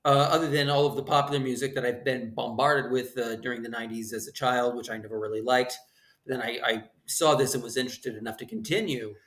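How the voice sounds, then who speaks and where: A man's voice: medium pitch, quick pace, a bit bright. A man in his thirties hosting his channel and giving a snarky, profane opera summary, full of hesitant fillers and blunt put-downs. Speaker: channel host. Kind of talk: opinionated opera summary monologue.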